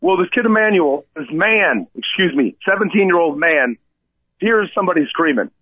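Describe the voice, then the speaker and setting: A man co-hosting a talk radio show, telling a rescue story in an animated way and often asking "okay?". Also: sits high, normal speed, breathy edge, no room sound. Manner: excitable, repeats "okay?" and addresses Coach. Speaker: radio co-host and kayak tour operator. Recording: tinny phone-line sound, dry.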